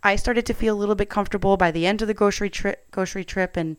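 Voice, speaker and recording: Women in her 30s, candid home storyteller; smooth clear tone, close and dry sound, easygoing chatty delivery. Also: medium pitch, steady tone, racing, no room sound. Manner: candid, chatty, with many fillers. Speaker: mother sharing a personal story. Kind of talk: casual personal storytelling.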